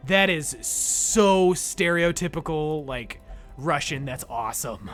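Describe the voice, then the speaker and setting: Loud, jokey male game streamer. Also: on the high side, slow pace, faint music behind. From United States. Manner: loud, jokey, excitable, chatting with viewers. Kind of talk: casual live-stream commentary. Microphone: desk microphone.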